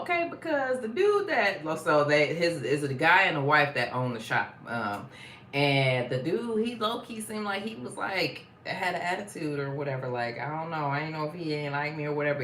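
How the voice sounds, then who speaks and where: A woman's voice: rumbling low, a bit bright. A woman hosting a casual live stream, chatting in a slangy, easygoing way and sometimes singing greetings to her viewers. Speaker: live-stream host reading viewer comments. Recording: roomy echo with faint noise.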